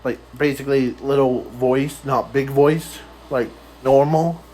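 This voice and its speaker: A man improvising a fan story aloud in a rambling, halting way, often trailing off. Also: mid-range voice, steady tone, a little mellow, slight background noise, low-quality recording.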